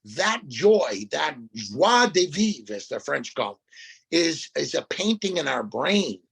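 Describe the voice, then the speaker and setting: An older man as a podcast guest, telling lively stories and quoting children he has worked with. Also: a little high, slow, vocal fry, husky. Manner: animated storyteller, quotes children. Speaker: guest speaker. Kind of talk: conversational podcast interview.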